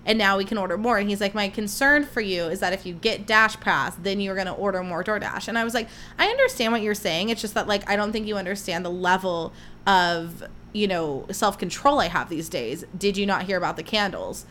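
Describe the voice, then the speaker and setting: A woman's voice: medium pitch, animated, a little fast, fairly bright tone, slight background noise. A young woman hosting a casual solo podcast, telling chatty, gushing stories and acting out what people said. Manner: chatty, gushing storyteller who acts out quotes. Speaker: podcast host.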